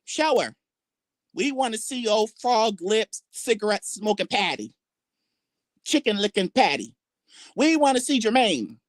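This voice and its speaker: A woman hosting a livestream, talking casually in a brash, trash-talking way, drawling some words and swinging her pitch up and down for emphasis. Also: sing-song, normal speed, no room sound, clean studio sound. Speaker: livestream host.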